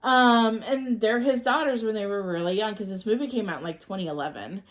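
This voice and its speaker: A woman co-hosting a podcast, recapping a movie plot in a rambling, halting way full of ums. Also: medium pitch. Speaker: podcast co-host. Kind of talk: casual chat recapping a movie.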